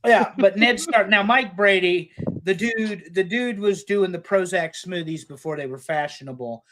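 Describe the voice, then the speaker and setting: A man's voice: sits high, normal speed, fairly bright tone. A middle-aged man, a podcast co-host, rambling in casual chat with profane rants.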